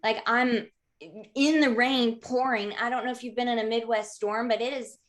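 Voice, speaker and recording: High-voiced woman telling stories. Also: normal speed. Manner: lively, frequent "um" fillers, acts out quoted voices. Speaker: podcast guest. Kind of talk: conversational storytelling.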